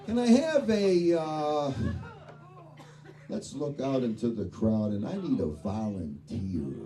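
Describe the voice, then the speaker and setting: This fifty-something stand-up comedian has a dark-toned, medium-pitched voice with big pitch swings, delivering a crude, profane routine of rowdy stories at a slow pace. He's recorded on a distant mic in a noisy club, with audience laughter and faint music behind.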